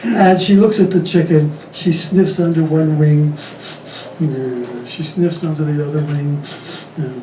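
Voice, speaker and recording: Stand-up comic, male, deadpan joke-teller, high voice, echoey club, distant mic, faint room hum. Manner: deadpan, rapid-fire one-liners, chuckles at his own jokes. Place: comedy club stage.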